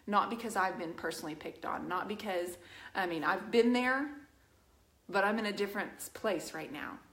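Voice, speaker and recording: A woman's voice: medium pitch, normal speed, a bit bright. A woman hosting a live painting stream, talking earnestly and emphatically straight to her viewers. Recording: roomy echo.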